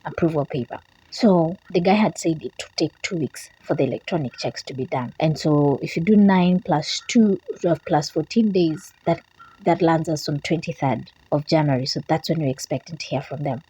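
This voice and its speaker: A woman vlogger who has just woken up, telling a story to camera in a chatty, animated way. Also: deep voice, moderate pace, husky, low-quality recording. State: just woke up. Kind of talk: casual vlog talk to camera.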